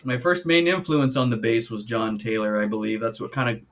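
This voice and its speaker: A Canadian man, a musician guest, chatting casually in an interview with relaxed, brief remarks. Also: mid-range voice, brisk.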